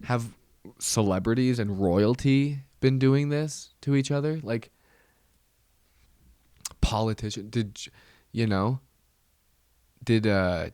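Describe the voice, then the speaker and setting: A man's voice: on the low side, measured pace, long pauses, a little mellow, smooth, no room sound, studio quality. A man hosting a casual solo podcast, rambling, with many restarts and trailing fillers. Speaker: podcast host.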